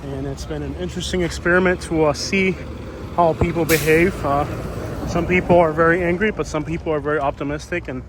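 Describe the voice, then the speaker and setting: A man talks his way through a walking outdoor vlog, loose and rambling, full of ums and uhs. His voice sits a bit high for a man. Faint street noise hums behind him. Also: steady tone, brisk. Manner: chatty, rambling with many fillers. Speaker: YouTuber. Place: outdoors on a storm-damaged street.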